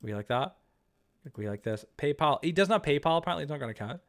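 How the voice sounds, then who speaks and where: A man's voice: fairly high pitch, lively intonation, quick pace. A man live-streaming a game, chatting casually with friends, rambling with lots of "like" and "bro" and teasing them. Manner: joking and teasing. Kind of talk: casual live-stream chat while playing.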